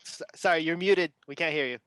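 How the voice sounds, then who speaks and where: A man's voice: on the high side, fairly quick, fairly bright tone, no room sound. Dry-sounding man introducing a speaker. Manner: hesitant, filler uh before names. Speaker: event host. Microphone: video call.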